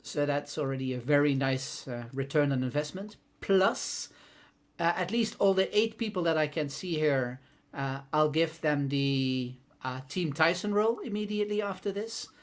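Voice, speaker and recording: A man co-hosting a casual livestream, relaxed and laughing often, with lots of fillers. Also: a little high, normal speed. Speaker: co-host.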